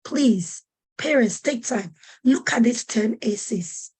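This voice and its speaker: A woman's voice: a little high, animated, slow, darkish tone, breathy edge. A woman presenting a parenting webinar, speaking with urgent, preacherly emphasis and repeating questions to press her point. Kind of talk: earnest teaching talk to parents.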